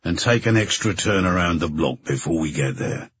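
A man voicing a weary middle-aged boss who gives orders in a curt, flat, commanding way, with a husky voice. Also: sits low, moderate pace, no room sound, full character voice. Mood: terse. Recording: dull dry narration recording.

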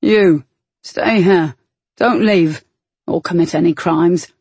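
A woman voicing a gruff brooding man. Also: fairly low pitch, takes it slowly, darkish tone, no room sound. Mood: wry.

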